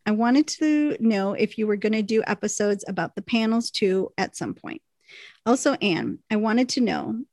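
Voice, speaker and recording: A woman's voice: mid-range voice, vocal fry, darkish tone, no echo, clean studio sound. A British woman co-hosting a casual podcast, reading listener emails aloud and laughing often. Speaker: podcast co-host.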